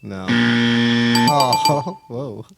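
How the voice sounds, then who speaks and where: A man, a comedian guest on a podcast, telling rambling deadpan jokes in casual chat. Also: medium pitch, drawn-out words, vocal fry, over loud music.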